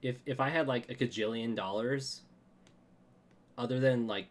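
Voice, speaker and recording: A man's voice: medium pitch, moderate pace. A man hosting a podcast in casual chat, telling stories and laughing often. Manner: chatty storyteller, laughs often. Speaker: podcast host.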